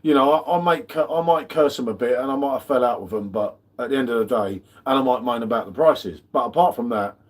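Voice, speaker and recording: A man's voice: medium pitch, fast talker, few pauses. A man hosting a live beer tasting, chatting casually with matey banter and greeting viewers by name. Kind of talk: casual live-stream chat.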